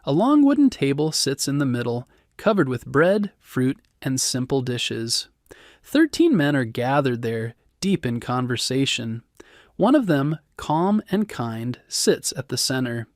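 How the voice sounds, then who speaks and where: A man narrating a bedtime history story in a calm, soothing, scripted way. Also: mid-range voice, a little slow, no room sound, studio quality.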